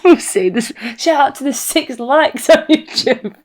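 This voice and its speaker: A woman's voice: high-pitched, animated, a little slow. Giggly rambling young woman. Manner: giggly, rambling, loses her thread. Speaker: podcast co-host. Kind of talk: casual podcast chat.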